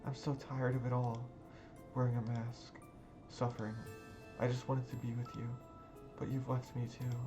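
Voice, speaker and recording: A man's voice: mid-range voice, level tone, normal speed, lightly acted. A man voicing a fragile, shy young woman who speaks in a faint, weary murmur over background music. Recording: music playing underneath.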